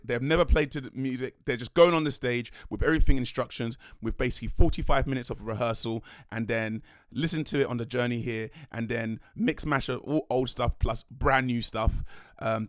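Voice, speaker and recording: A young man, a dance crew leader telling a rambling, excitable story in a vlog. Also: mid-range voice, no room sound, clean studio sound. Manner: rambling, excitable, slangy, self-correcting.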